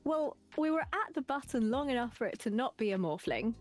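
A woman's voice: fairly high pitch, big pitch swings, a little fast, soft background music. An English woman streaming a party game, chatting casually and teasing the other players with frequent giggles. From England.

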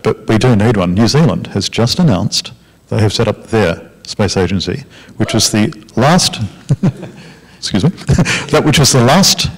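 A man on a discussion panel, arguing his point emphatically and tagging lines with "okay?" and "yeah?". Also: lowish voice. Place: lecture hall. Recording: echoey hall.

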